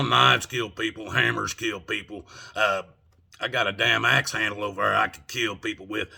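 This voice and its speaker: A man's voice: medium pitch, gravelly, sharp tone, breathy edge. An older man ranting angrily from home, profane and indignant, firing off rhetorical questions. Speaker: vlogger. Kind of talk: angry political rant.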